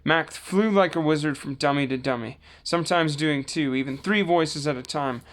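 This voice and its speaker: A man reading a children's book aloud in a relaxed way, with small slips and self-corrections. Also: fairly high pitch, normal speed. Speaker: storybook reader.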